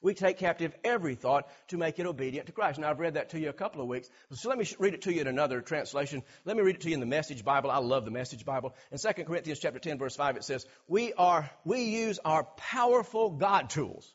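A man preaching a sermon, animated, acting out everyday scenes and repeating words for emphasis. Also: fairly high pitch, quick pace, few pauses, breathy edge, lo-fi sound. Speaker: pastor.

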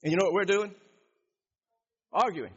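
A pastor preaching a sermon, reading scripture and repeating phrases for emphasis. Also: male voice, sits high, moderate pace, a bit bright, husky. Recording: dull echoey hall.

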